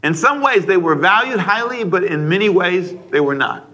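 A man preaching a radio sermon, talking straight to the listeners with a stream of questions and now and then acting out a frustrated parent with a sudden loud outburst. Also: sits high, lively intonation, normal speed, muffled recording. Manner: conversational, asks the listeners many questions.

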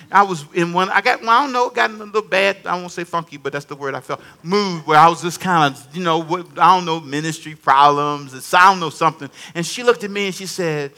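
Animated high-voiced male pastor preaching. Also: quick pace, hardly any pauses. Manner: animated, humorous storytelling with call-and-response. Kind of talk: sermon.

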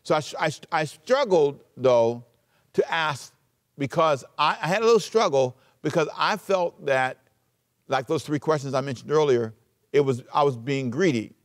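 A man preaching a sermon as pastor, emphatic, switching between loud urging and quiet asides. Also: on the high side, expressive, normal speed.

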